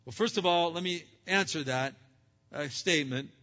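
A male preacher delivering an emphatic sermon, swinging from loud exhortation to hushed asides. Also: fairly high pitch, normal speed. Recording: dull sound with long hall reverb.

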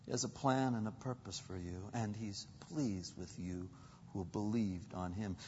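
A husky-voiced male pastor preaches a sermon, swinging between loud, rising exclamations and hushed, low asides while firing rhetorical questions at the congregation. The recording has a dull, long-reverb hall sound and a faint hiss or hum.

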